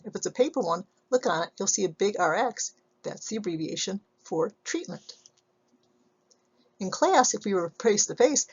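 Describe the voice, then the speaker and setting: A woman psychology instructor delivers a recorded slide lecture in a measured, explanatory manner, frequently posing rhetorical questions. Her medium-pitched voice is slightly rough, and the audio has its highs cut off.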